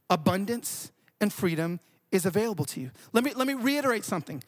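A man preaching a sermon, an animated storyteller who often repeats words. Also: high-pitched, quick pace. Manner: animated, repeats words while telling stories. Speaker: pastor.

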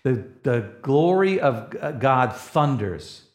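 A man's voice: big pitch swings, takes it slowly. Fervent male preacher in an echoey room. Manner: rising to loud passionate peaks, dropping to soft low asides. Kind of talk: sermon.

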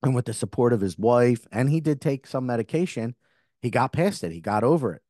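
A man's voice: mid-range voice, lively intonation, brisk, warm tone, no room sound, studio quality. A middle-aged man hosting a spiritual podcast, talking earnestly in a rambling way full of restarts and self-corrections. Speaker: podcast host.

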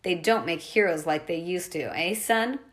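A woman's voice: fairly low pitch, lively intonation, moderate pace, lightly acted. A woman reading aloud, voicing a sneering, hissing snake-woman who is mother of monsters. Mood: mocking.

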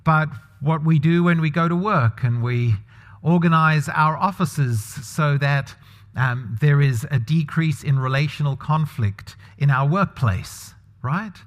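A man gives a sermon in a relaxed, conversational manner and keeps asking the congregation questions. His voice sits a little higher than most men's. The sound carries a long reverb, as in a church hall. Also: unhurried. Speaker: pastor.

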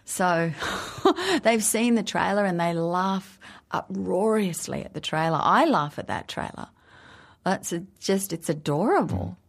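A woman's voice: fairly low pitch, big pitch swings, measured pace, vocal fry, slightly rough. A middle-aged woman, an actress guest, chatting in a self-mocking way about her role and her children. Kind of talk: interview chat.

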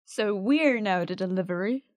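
A woman's voice: mid-range voice, expressive, moderate pace, dry recording, clean studio sound. Blunt, sarcastic woman player. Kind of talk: in-character tabletop play.

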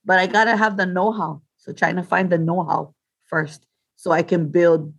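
A man, co-hosting a podcast in a rambling, halting way, often restarting his sentences. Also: high-pitched, fairly even intonation, gravelly, fairly bright tone, husky. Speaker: podcast co-host. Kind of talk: casual chat.

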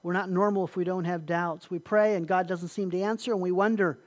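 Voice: mid-range voice, fairly even intonation, fairly quick, darkish tone. Pastor preaching, emphatic, repeats himself a lot, keeps asking the crowd "right?". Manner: emphatic, repeats words, asks listeners questions. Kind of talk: sermon.

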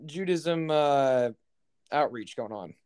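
A man's voice: medium pitch, expressive, takes it slowly, darkish tone, clear, resonant tone. A young man co-hosting a podcast in casual chat, rambling with lots of fillers and profanity. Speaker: podcast co-host.

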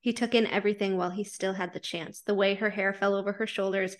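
A woman's voice: mid-range voice, steady tone, fast talker. A woman podcast co-host who reads fanfiction aloud, then chats casually, swearing freely and laughing as she reacts.

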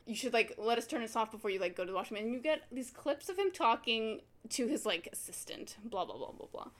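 A woman's voice: fairly high pitch, fast. A woman co-hosting a casual chat, animatedly recapping a show and acting out quotes. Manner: animated storyteller, acts out quotes, laughs often. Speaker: podcast co-host.

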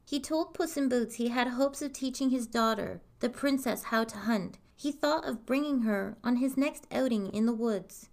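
A woman reading a fairy tale aloud in a calm, even storytelling manner. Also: on the high side, normal speed, gravelly, few pauses.

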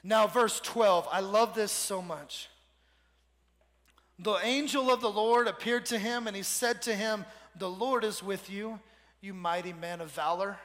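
A man's voice: sits high, measured pace, fairly bright tone, in a large hall. A man preaching a sermon to a congregation with energy, leading them in call-and-response. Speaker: pastor.

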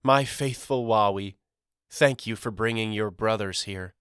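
A man voicing a gentle, loving mother who speaks tenderly and soothingly to her sons. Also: fairly low pitch, measured pace, clear, resonant tone, no room sound, studio quality.

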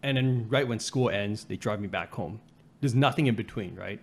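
A man's voice: on the low side, moderate pace, breathy edge. A young man in casual conversation, laid-back and peppering his talk with "like" and "right?". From Canada. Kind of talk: casual chat.

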